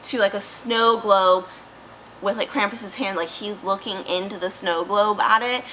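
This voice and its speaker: Bright woman rambling through a movie recap. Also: medium pitch, fairly even intonation, measured pace, a little hiss or hum, low-quality recording. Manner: rambling, profane, speculative, heavy use of "like". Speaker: movie reviewer. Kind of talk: casual chat.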